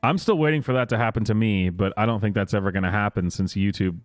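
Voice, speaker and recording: A man's voice: fairly low pitch, fast talker, dry recording, soft background music. Sarcastic man in a dry room. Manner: sarcastic, mocking, laughs often. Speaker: commentary host. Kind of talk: casual reaction commentary.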